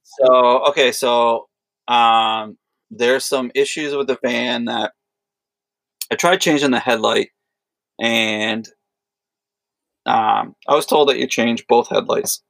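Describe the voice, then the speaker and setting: A man's voice: medium pitch, steady tone, takes it slowly, vocal fry, long pauses, fairly bright tone, dry recording. A man casually telling a rambling, profane story in conversation. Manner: rambling anecdotes with profanity and quoted voices. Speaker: podcast co-host.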